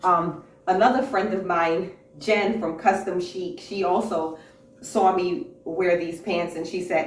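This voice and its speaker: Speaking at a moderate pace in a lowish voice with fairly even intonation, this fashion vlogger shows off a clothing haul by a rack indoors. She is enthusiastic and casual, using some fillers and repeats, captured by a distant mic with roomy echo and faint hiss.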